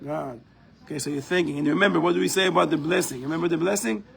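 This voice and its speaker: A man's voice: fairly high pitch, fast, creaky, fairly bright tone, low-quality recording. A man teaching a live class in a community center, explaining step by step and often checking in with "right?".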